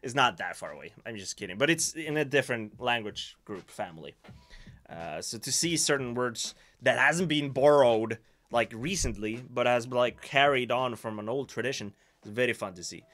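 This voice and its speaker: A man's voice: mid-range voice, moderate pace, fairly bright tone. A man with a Swedish accent, a native Swedish speaker, hosting a casual livestream and musing aloud in a self-mocking way while reading from the chat. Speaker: livestream host.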